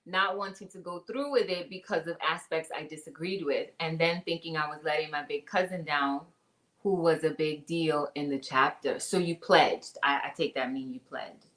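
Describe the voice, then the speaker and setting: A woman's voice: low voice, steady tone, moderate pace, fairly bright tone. A woman hosting a casual ministry talk show, chatting and reading out viewer comments. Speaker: host.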